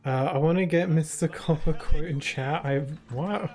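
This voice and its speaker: He has a voice on the high side with a darkish tone and a moderate pace. While streaming a video game, the man chats casually and playfully with his audience, answering their messages with many fillers and frequent restarts, with game music in the background.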